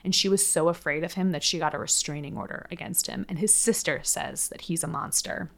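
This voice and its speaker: Woman podcaster, low-pitched, casual true-crime storytelling, chatty with filler words. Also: a little fast, creaky, a bit bright. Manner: chatty, frequent "like" fillers, blunt swearing. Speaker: podcast co-host.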